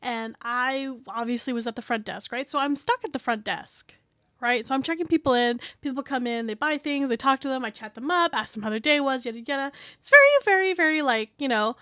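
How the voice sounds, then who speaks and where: A woman's voice: high voice, lively intonation, a little fast, bright, forceful tone, dry recording, studio quality. A woman streamer chatting casually on a live stream, rambling with lots of filler words and swearing, into a desk mic.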